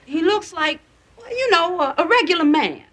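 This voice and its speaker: A woman's voice: very high voice, lively intonation, normal speed, a loud crowd, very noisy. An actress playing a middle-aged working mother who worries over her teenage son and talks in a fretful, confiding way.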